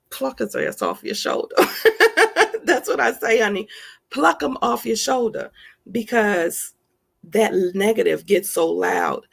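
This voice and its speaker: Woman speaker, motivational self-help talk, emphatic and homespun, slight gravel in the voice. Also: mid-range voice, lively intonation, a little slow. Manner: emphatic and folksy, calls listeners honey.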